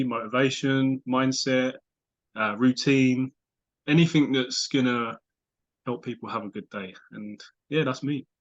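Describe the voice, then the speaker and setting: A man's voice: medium pitch, a bit bright. Easygoing London man, slightly dull recording. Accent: London English. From London, England. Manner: easygoing, with many fillers. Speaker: podcast guest. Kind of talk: casual chat.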